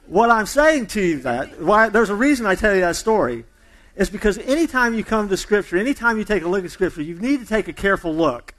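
Pastor, male, a touch higher-pitched than most, relaxed storyteller who restarts phrases often. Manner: conversational storyteller, loose and chatty with repeated restarts. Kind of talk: sermon opening with a told joke.

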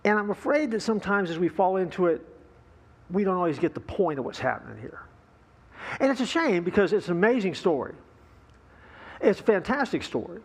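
A man's voice: high-pitched, sing-song, a little fast, pauses often, slightly rough. A male pastor preaching a sermon, opening with a folksy joke, with fillers and easy asides.

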